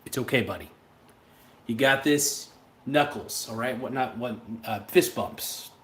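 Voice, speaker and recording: Male stream host, mid-pitched, casual and rambling, blunt with chat. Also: unhurried, a bit bright. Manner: rambling, blunt, reads viewer chats aloud. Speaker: livestream host.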